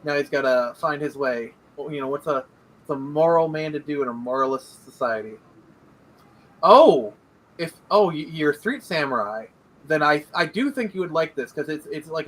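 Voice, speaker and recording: A man's voice: on the high side, expressive, moderate pace, a bit bright, poor audio. A young man talking casually as a guest on a livestream, rambling with many fillers. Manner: rambling, hesitant, lots of fillers. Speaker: guest comic creator.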